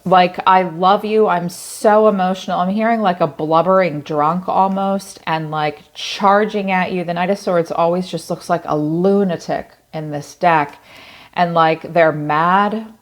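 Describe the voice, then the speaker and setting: A woman's voice: on the low side, unhurried. A woman giving a tarot reading in a blunt, casual way, swearing freely and thinking aloud as she talks. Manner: conversational, thinking aloud with many "like" fillers. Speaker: tarot reader.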